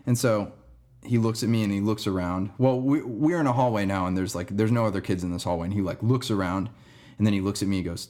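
Young male podcast host, fairly low voice, rambling casual storytelling, slangy and relaxed. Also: fast. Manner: rambling, laid-back, says "dude" and "man" a lot.

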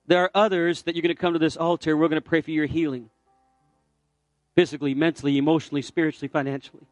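Storytelling preacher with a fairly high voice. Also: male voice, level tone, quick pace, no echo, soft background music. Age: middle-aged. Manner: storytelling, building to fervent exhortation. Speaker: pastor. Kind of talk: sermon with altar call. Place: church sanctuary.

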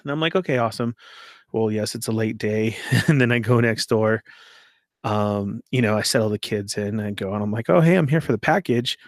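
A man's voice: on the low side, brisk, no echo, clean studio sound. A man casually telling a long story, laughing often and acting out what people said. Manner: animated, laughs often, acts out quoted voices.

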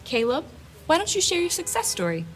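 A woman's voice: extremely high pitch, big pitch swings, a little fast, a little hiss or hum. A woman playing an upbeat support group leader in a comedy sketch, encouraging.

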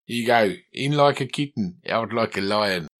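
A man putting on a South African accent to play a confident motorcycle instructor giving brisk advice. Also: lowish voice, animated, a bit bright. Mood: advising. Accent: put-on South African.

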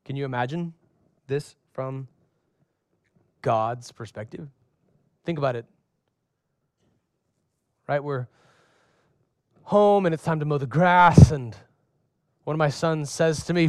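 High-voiced pastor guy preaching, animated, does little voices, dry close sound. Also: slow pace, long pauses, no room sound. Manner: lively preaching with acted-out voices and humor; asks the congregation questions and has them respond. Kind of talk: sermon.

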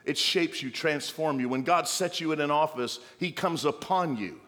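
A man's voice: a little high, moderate pace, a bit bright, big-room sound. A male pastor preaching a sermon, exhorting the church with playful asides and mock voices of the congregation.

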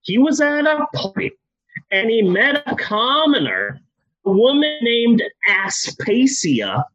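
Man, high voice, husky, comic storyteller, profane, muffled lo-fi recording. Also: slow pace. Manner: profane, animated. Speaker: podcast co-host telling history. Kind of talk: comedic storytelling.

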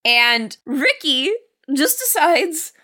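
A woman with a high, ringing voice talks through a movie on a casual podcast. Her pitch leaps all over as she laughs and swears her way through the plot. She keeps it loose and chatty. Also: drawn-out words. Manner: laughs often, animated, swears. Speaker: podcast co-host. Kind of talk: casual movie review chat.

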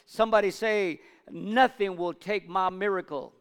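A male preacher delivering a sermon, swinging between loud urging and low asides and calling for amens from the congregation. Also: steady tone, moderate pace, clean tone. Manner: call-and-response with congregation. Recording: long reverb of a large hall.

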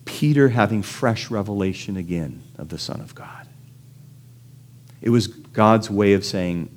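A man preaching a sermon in a conversational way, asking his listeners questions and acting out the people in his stories. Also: normal speed. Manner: animated storytelling, acts out quoted voices with big pitch jumps; conversational, asks the audience questions. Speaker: pastor.

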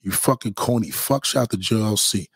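A man's voice: lowish voice, fairly quick, creaky, breathy edge, dry recording. A man, from Brooklyn, hurling mocking, profane insults in a livestream rant. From Brooklyn, New York. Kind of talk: trash-talking livestream rant.

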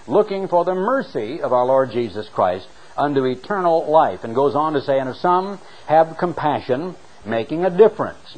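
A man preaching a sermon, reading scripture and explaining it with an emphatic, dramatic delivery that slows down for the readings. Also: rough recording. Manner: emphatic, dramatic delivery with sharp swings in pitch and loudness; slows down to read scripture aloud.

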